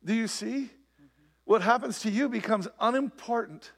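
Gravelly-voiced man preaching a sermon. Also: very high voice, normal speed. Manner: conversational preaching with many rhetorical questions. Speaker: pastor. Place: church, before a live congregation.

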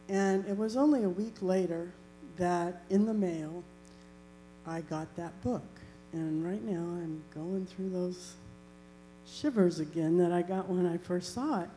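Earnest woman with a mellow, low voice. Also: a little slow, rough recording. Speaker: church member giving a testimony. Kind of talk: personal testimony. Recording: faint electrical hum.

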